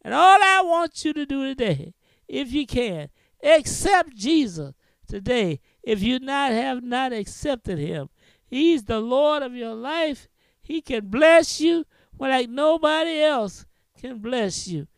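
A man pastor preaching a sermon. He drops in amens and hallelujahs all the way through and chants with a breathy "huh" after each phrase. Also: extremely high pitch, big pitch swings, slow, no echo, clean studio sound. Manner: frequent interjected amens and hallelujahs.

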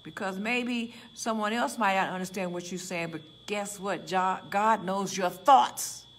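A woman's voice: medium pitch, measured pace, slight background noise. Woman pastor, Chicago accent, conversational sermon with acted-out asides, faint ambience behind. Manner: lively, conversational, acts out prayers and dialogue.

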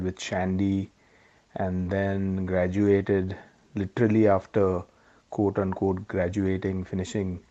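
Low, flat-voiced middle-aged man. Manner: reflective, digressive, warmly chatty. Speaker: podcast co-host. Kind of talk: casual chat over drinks. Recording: slightly dull lo-fi audio.

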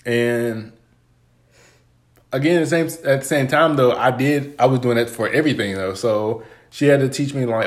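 A man co-hosting a podcast, telling relaxed rambling stories about his partner with lots of filler words. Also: mid-range voice, normal speed. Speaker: podcast co-host. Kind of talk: casual podcast chat.

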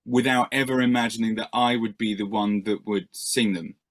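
Low-voiced rambling male musician. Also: steady tone, normal speed. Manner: rambling, self-deprecating, many fillers and restarts. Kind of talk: casual interview answers.

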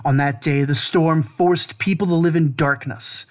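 A man narrating an ancient lament in a measured, solemn recitation. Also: on the high side, fairly even intonation. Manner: measured, grave, deliberate.

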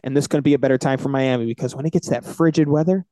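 A man co-hosting a casual sports podcast, animated and confident as he runs through his football picks. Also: mid-range voice, rapid-fire, no room sound. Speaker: podcast co-host.

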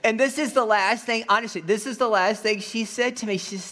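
A male pastor delivering a sermon, telling a personal story with animated acted-out voices. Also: high voice, fairly quick, hardly any pauses. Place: Florida.

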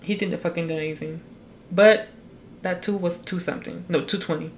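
Speaking into a mic for a solo podcast, this young adult chats casually at a slightly fast clip, with medium pitch and fairly even intonation. There's slight background noise as they ramble, restart a lot, and swear nonstop.

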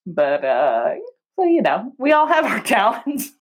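This young adult woman, a podcast co-host, speaks at a measured pace in a mid-range voice. In casual chat she's an animated storyteller who laughs often and acts out the voices of those she quotes.

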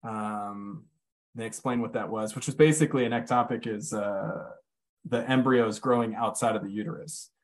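Chatting casually, a man candidly recounts a personal story, swearing freely, using plenty of fillers and slowing down at heavy moments. His voice is lowish.

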